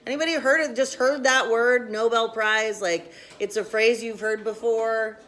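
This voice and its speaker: Female teacher, slightly high voice, brisk and directive, classroom lesson. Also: fairly even intonation, a bit bright.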